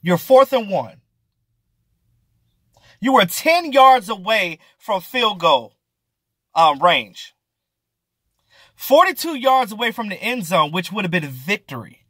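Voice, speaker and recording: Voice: mid-range voice, sing-song, slow pace, pauses often, sharp tone, dry recording. A sports vlogger ranting through casual, exasperated commentary, with slang and swearing, hammering points by repeating them.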